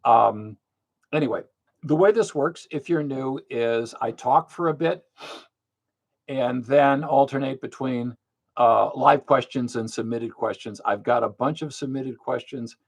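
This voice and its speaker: A man's voice: medium pitch, unhurried. An older man hosting a monthly live question-and-answer stream, talking bluntly and matter-of-factly, with frequent fillers. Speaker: livestream host. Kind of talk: casual live Q&A talk.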